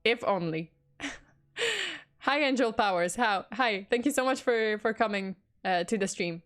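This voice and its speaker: A woman's voice: mid-range voice, a little slow, a bit bright. A young woman telling a true crime story on a livestream, greeting chat viewers between parts and laughing and swearing casually. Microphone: desktop USB mic.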